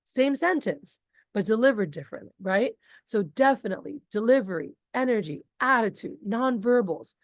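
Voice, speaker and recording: Animated woman sales trainer. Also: fairly high pitch, normal speed, no room sound, clean studio sound. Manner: animated, talkative, casual asides. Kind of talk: energetic group training talk.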